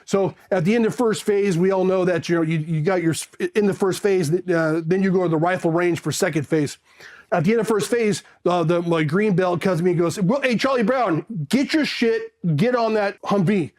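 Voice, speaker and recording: Middle-aged man, interview guest, casual animated storyteller, higher register. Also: brisk. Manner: animated, acts out quoted voices.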